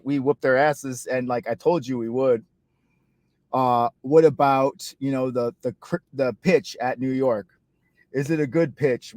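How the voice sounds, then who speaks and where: A man's voice: medium pitch, a little mellow, dry recording. A man hosting a cricket channel, chatting casually and jokily from inside his car, rambling and poking fun at himself. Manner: rambling, jokey, self-mocking. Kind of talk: casual vlog chat.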